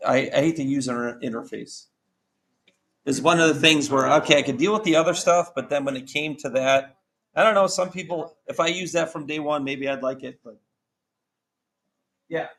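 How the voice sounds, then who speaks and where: A man's voice: on the high side, a bit bright. A male math teacher talking a class through calculator work, chatty and joking, with exasperated asides. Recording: echoey classroom with faint background ambience.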